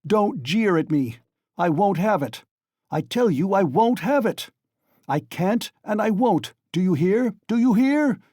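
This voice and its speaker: Male narrator doing an enraged young student, shouting, pitched up, dry close sound. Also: lively intonation, moderate pace, dry recording. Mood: furious. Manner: furious, shouting and demanding. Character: angry young male student, proud and desperate.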